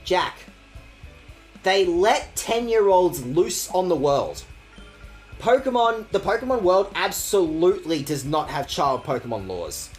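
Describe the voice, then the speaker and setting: Faint music plays behind this game streamer, who talks a little slowly with big swings in pitch. The let's-play commentary is rambling and casual, full of swearing and crude self-mockery.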